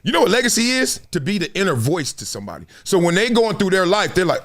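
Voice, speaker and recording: A man hosts a casual sports talk show. He tells stories with a fairly high, lively voice that swings widely in pitch. He jumps into raised voices to act out other people's lines and laughs often. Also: fast talker, hardly any pauses. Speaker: show host. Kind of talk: casual storytelling commentary.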